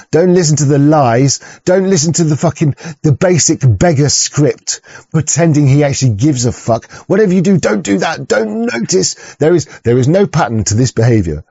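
Man, fairly high voice, mellow tone, dry lo-fi sound, profane stammering ranter. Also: breathy edge, no room sound. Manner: profane, stammering, rambling rant. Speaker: streamer reacting to videos. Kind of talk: ranting reaction commentary.

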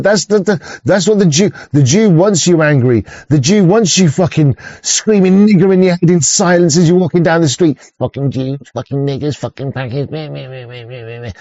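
A man's voice: fairly high pitch, a little mellow, dry recording. A man in a profane, rambling monologue, full of stumbles and restarts. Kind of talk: ranting casual monologue. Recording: dull lo-fi sound.

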